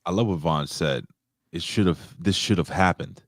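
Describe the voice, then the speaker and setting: Very deep-voiced male podcast host. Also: normal speed, dry recording, studio quality. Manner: blunt, emphatic, repeats himself. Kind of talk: casual podcast chat.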